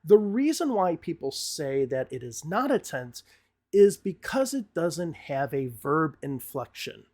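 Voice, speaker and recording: A man's voice: a little high, big pitch swings, measured pace, darkish tone. A middle-aged man teaching an English grammar lesson, explaining patiently step by step with examples.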